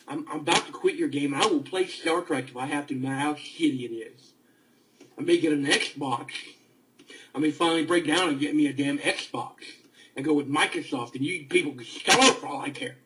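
A man angrily ranting about a video game, stammering and repeating himself as he swings between outbursts and low muttering. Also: brisk, background noise. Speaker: video gamer. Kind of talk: angry ranting vlog.

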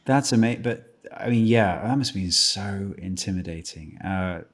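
A man's voice: low-pitched, moderate pace. A man with a British accent chatting as a guest actor in a podcast from a room at home, joking dryly at his own expense and rambling through restarted sentences. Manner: dry self-mocking joker, chuckles often. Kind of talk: casual podcast chat.

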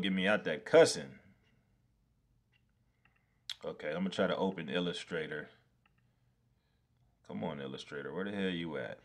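A man's voice: deep voice, a bit bright. A man live-streaming his design work, talking to himself as he goes, swearing freely and laughing when things go wrong. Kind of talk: casual live-stream commentary.

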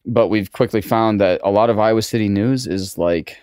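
A young man hosting a podcast, chatting in a relaxed and casual way. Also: fairly low pitch, moderate pace, smooth, no room sound, clean studio sound. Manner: relaxed, chatty, reacts with laughs. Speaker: podcast host. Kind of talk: casual chat.

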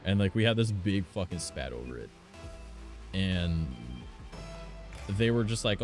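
A young man with a deep voice talks casually while he plays online, his pitch jumping widely as he reacts to the match. He swears freely and tells animated stories between plays. Faint background music runs under his voice. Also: measured pace, long pauses. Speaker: streamer. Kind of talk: casual gameplay chat.

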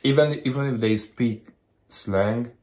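A man co-hosting a casual vlog, adding slow, measured remarks. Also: mid-range voice, darkish tone. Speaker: co-host, husband. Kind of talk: casual chat.

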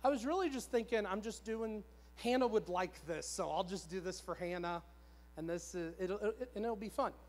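High-voiced preacher man in a reverberant church. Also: normal speed. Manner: conversational, repetitive, self-deprecating. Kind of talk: storytelling sermon. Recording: long church hall reverb.

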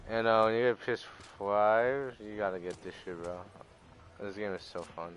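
A man's voice: on the low side, normal speed, fairly bright tone. A young man streaming a game live, chatting loosely and swearing a lot as he talks to his viewers. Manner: profane, loose and jokey, talking to chat. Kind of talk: casual live-stream gaming chat.

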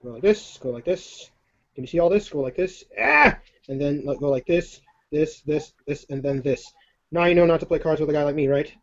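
A man with a slightly high voice chats his way through a card-magic demonstration on a live video call. His talk is jokey, excitable and rambling, full of self-deprecating asides. The stream audio sounds dull and lo-fi. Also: a little fast.

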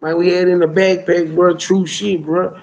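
A man's voice: sits high, flat delivery, moderate pace, vocal fry, lo-fi sound, noisy background. A man telling a rambling street story in casual slang, with lots of "bro" and "you hear me" along the way. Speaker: storyteller guest.

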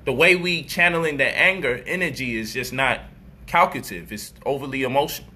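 A man delivering an animated, profane street-style commentary monologue, mocking people and acting out their voices. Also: medium pitch, a little fast, slightly rough.

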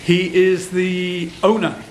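A British man in his sixties hosting a cooking vlog, talking casually and excitedly to his viewers. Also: sits high, takes it slowly. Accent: British English. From Britain. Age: 60s. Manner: chatty, excitable, rambling. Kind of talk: casual chat to camera. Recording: echoey room with noticeable background noise.

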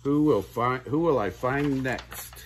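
A man's voice: medium pitch, slow pace, a little hiss or hum, natural voice. An older man reading a storybook aloud, voicing a cheerful mother duck with a raised, sing-song, coaxing tone. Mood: playful. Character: cheerful mother duck playing hide and seek.

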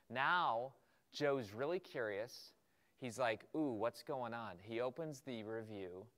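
Animated man teaching a workshop. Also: medium pitch. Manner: animated, acts out quoted emails and students' questions. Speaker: entrepreneurship instructor. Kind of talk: energetic workshop lecture.

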